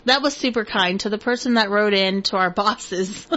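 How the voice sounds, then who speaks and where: A woman's voice: medium pitch, moderate pace, fairly bright tone, highs cut off. A woman co-hosting a radio show in casual banter, chatty and giggly with a sarcastic streak.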